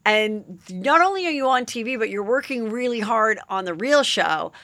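Woman, podcast host, bright forceful voice, chatty questions, dry close mic. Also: on the high side, expressive, no room sound. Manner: chatty, quick follow-up questions. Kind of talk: casual podcast chat.

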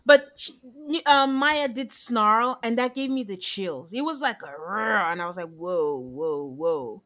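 A married woman co-hosting a podcast, chatting casually and retelling scenes with lively quoted voices. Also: fairly high pitch, unhurried. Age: adult. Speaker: podcast co-host. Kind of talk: casual recap chat.

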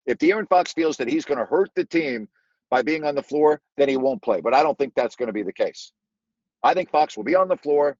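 A man's voice: on the high side, lively intonation, a little fast, darkish tone, dry recording, lo-fi sound. A man hosting a sports call-in radio show, making his points emphatically and repeating them.

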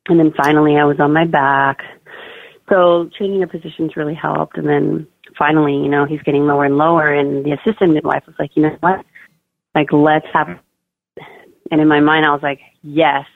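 A woman's voice: low voice, little pitch movement, fast talker, creaky, no room sound. A young woman chatting casually as a podcast guest, full of fillers like "like" and "oh my God.". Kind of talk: casual birth-story interview. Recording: dry tinny phone-like line.

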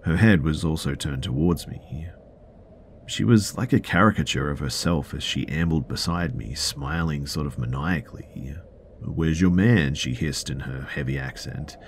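Very deep-voiced man reading a story. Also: a little hiss or hum. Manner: measured storytelling with occasional fillers. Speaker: podcast host. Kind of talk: reading a listener's story aloud.

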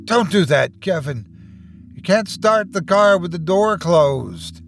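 A man's voice: high voice, lively intonation, slow, vocal fry, a bit bright, faint music behind, full character voice. A man voicing a trapped man who pleads desperately to be let out. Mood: pleading. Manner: pleading, rising to frantic screams.

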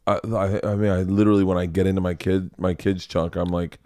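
A middle-aged man hosting a podcast, telling stories in a profane, animated way and acting out voices. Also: deep voice, quick pace, dry recording. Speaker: comedian podcast host. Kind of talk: casual chat.

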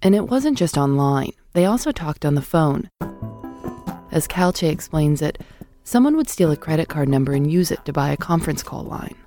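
A woman hosting an audio documentary, narrating in a measured scripted way and putting questions to her guest. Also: low voice, expressive, mellow, dry recording, soft background music. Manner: measured, clear storytelling narration. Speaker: host and narrator.

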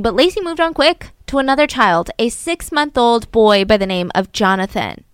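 A woman casually telling a true-crime story to a co-host, chatty and animated, with frequent asides. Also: a little high, normal speed, few pauses, clear, resonant tone, no room sound.

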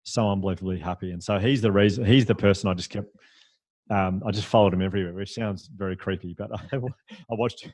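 Deep-voiced man telling stories. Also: fast talker, no room sound. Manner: animated, chatty, self-deprecating, with fillers and laughs. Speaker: podcast guest. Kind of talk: conversational storytelling.

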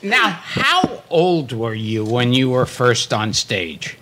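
A male interview co-host who speaks slowly, with a lively, varied pitch. He asks measured questions and fills in with brief agreements. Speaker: podcast co-host. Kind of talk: casual interview chat.

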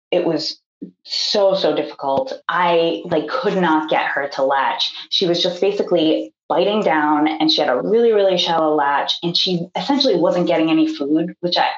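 A young woman telling her birth story in a chatty, casual way, filling it with likes and acted-out quotes. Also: on the low side. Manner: chatty, acts out quoted voices, many fillers. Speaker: podcast guest. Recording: echoey, dull remote audio.

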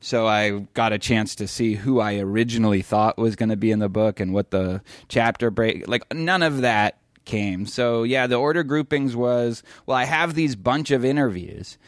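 A man's voice: mid-range voice, normal speed, few pauses, no echo, clean studio sound. A middle-aged man co-hosting a podcast, chatting casually and telling stories in long, self-interrupting runs. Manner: rambling, self-interrupting storyteller. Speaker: podcast co-host. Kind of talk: casual chat.

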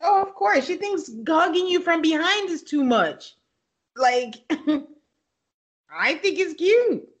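A woman's voice: very high-pitched, animated, slow. A woman co-hosting a podcast in casual chat, giving frank opinions and laughing easily. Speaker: podcast co-host.

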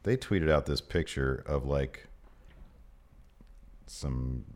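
A man's voice: rumbling low, slow pace, darkish tone. A man co-hosting a podcast, chatting casually and reading out viewer questions, laughing often and trailing off into mumbles. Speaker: podcast co-host. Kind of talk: casual chat.

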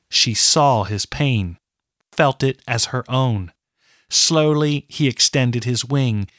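A man narrating a fantasy novel in a measured, deliberate way. His pace is very unhurried and his pitch is middling. The sound is dry and close. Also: dry recording. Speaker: audiobook narrator. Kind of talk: scripted narration.

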